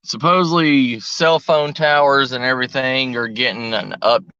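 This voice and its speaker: This middle-aged man's mid-range voice is steady and moderately paced, pushed and bright yet clear and resonant, with no echo. He rambles in livestream chat, reading out viewer names and thinking aloud, though bad cell signal on his phone makes the stream sound muffled and lo-fi.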